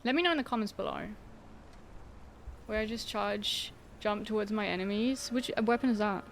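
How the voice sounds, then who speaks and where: A woman's voice: mid-range voice, fairly even intonation, moderate pace, slight background noise. A young woman streaming a game, chatting casually with her viewers in a sarcastic, giggly way. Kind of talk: casual gameplay livestream chat.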